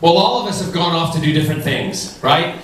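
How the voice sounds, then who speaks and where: A man's voice: on the high side, fairly quick. A man telling funny stories at a fan convention panel in a camp, playful, theatrical way. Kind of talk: comic storytelling at a fan panel. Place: large convention hall. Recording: echoey hall, distant mic, loud crowd.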